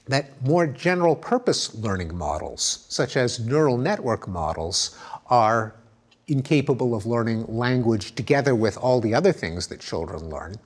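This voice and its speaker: Lively, emphatic male lecturer. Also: lowish voice, slightly rough. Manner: explanatory, demonstrates sounds aloud. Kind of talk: recorded academic lecture.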